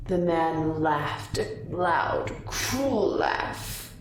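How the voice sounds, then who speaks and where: Slow, low-voiced woman storyteller. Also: a little hiss or hum. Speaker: player narrating her character's backstory. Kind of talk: storytelling narration. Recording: roomy distant mic.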